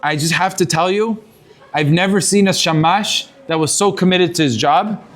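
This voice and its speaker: A man's voice: sits high, moderate pace, fairly bright tone. A man voicing an earnest young yeshiva student. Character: eager young yeshiva student, polite and apologetic.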